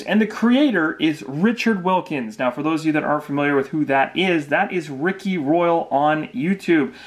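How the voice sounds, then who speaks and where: A man hosting his board game channel, chatting casually and enthusiastically to camera through an unboxing, with fillers and restarts. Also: on the high side.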